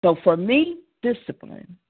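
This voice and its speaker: A woman co-hosting a casual church call show, speaking earnestly with halting restarts as she testifies. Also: medium pitch, sing-song, breathy edge, no echo. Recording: dry tinny phone-like call audio.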